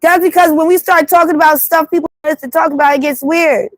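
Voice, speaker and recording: A woman's voice: high-pitched, quick pace, no echo. A woman with a New York accent hosting a casual livestream monologue, talking bluntly and repeating herself as she tells stories. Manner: animated, blunt, repetitive storytelling. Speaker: livestream host. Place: city street at night.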